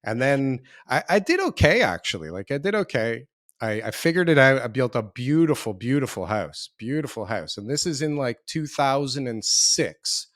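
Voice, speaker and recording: A man's voice: mid-range voice, expressive, moderate pace, fairly bright tone, dry recording, clean studio sound. A man in his forties, a real estate developer and interview guest, telling his story in a rambling, self-deprecating way with many restarts. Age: 40s.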